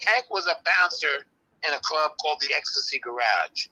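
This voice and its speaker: An older man, calmly and firmly explaining history as an interview guest. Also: fairly high pitch, husky, rough recording. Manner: firm, measured, explaining insistently. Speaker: interview guest, early hip-hop practitioner. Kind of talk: live online interview.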